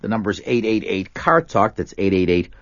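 Wry male radio host with lively delivery. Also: fairly low pitch, fairly quick, no room sound, muffled recording. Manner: wry, dry quips. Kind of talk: joking radio banter.

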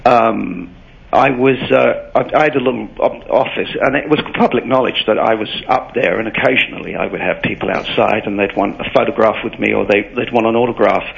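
A man's voice: lowish voice, creaky, dull audio. An English man as a radio guest, talking in a casual, self-deprecating and playful way. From England. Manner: self-deprecating, playful, breaks into quick accent impressions. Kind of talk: casual chat.

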